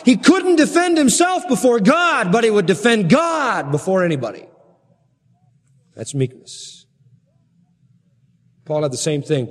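Male preacher, animated storyteller, slightly high pitch, big hall echo. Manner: animated, dramatic Bible storytelling with voiced quotes. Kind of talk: sermon.

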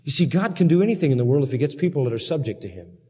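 A man's voice: a little high, very fast, in a large hall, a little hiss or hum. A man preaching a sermon, retelling Bible stories dramatically and acting out quotes. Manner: animated, dramatic Bible storytelling with voiced quotes.

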